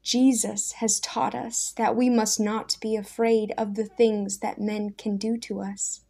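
A woman reading aloud and voicing a humble, poor man who speaks slowly and steadily with quiet conviction. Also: medium pitch, flat delivery, vocal fry. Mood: calm, steady.

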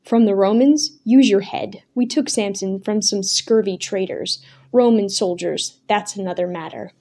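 A woman's voice: mid-range voice, measured pace, warm tone. Woman doing a cold, curt rebel leader. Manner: curt, dismissive.

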